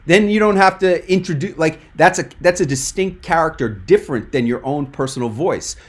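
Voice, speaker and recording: A man's voice: a little high, animated, brisk. A man coaching a speaker on a video call, talking in a direct, emphatic and encouraging way. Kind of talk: webinar coaching feedback.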